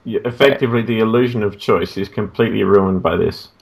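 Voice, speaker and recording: A man's voice: on the low side, fast talker, vocal fry. A man co-hosting a casual gaming podcast, mostly adding short, wry remarks. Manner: brief interjections and wry remarks. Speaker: podcast co-host.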